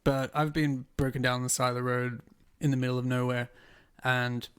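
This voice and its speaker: A man's voice: mid-range voice, level tone, brisk, fairly bright tone, smooth. A man co-hosting a podcast, telling stories and joking crudely in casual chat.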